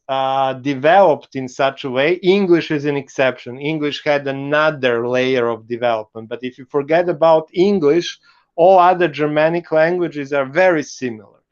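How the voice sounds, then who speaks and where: A man with a Serbian accent giving an online university lecture, halting and full of "uh" fillers. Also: medium pitch, clean tone, dull audio.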